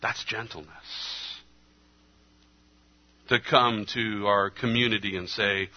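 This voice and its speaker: A man preaching a sermon earnestly, his delivery moving between hushed, slow passages and emphatic ones. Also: lowish voice, steady tone. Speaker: pastor. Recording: slightly dull lo-fi sound.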